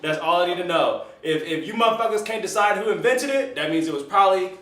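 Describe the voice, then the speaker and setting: Guy riffing mock news behind a bar, cussing, rambly, kinda high voice, echoey and far from the mic. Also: lively intonation, quick pace, fairly bright tone. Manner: rambling, profane, loose and joking. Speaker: news anchor and bartender. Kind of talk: comedic mock-news rant. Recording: roomy, distant mic, faint noise.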